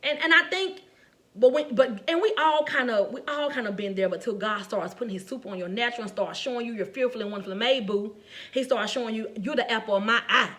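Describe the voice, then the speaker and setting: Her voice a little high and her delivery fast, a middle-aged woman gives a faith talk built around her own experiences. She speaks in a warm, animated, conversational way, laughing a lot and turning straight to her listeners.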